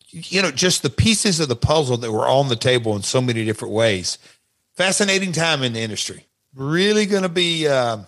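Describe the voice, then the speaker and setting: An older man with a Southern accent, co-hosting a casual wrestling podcast, rambling and jokey in a gruff way. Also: medium pitch, fairly bright tone.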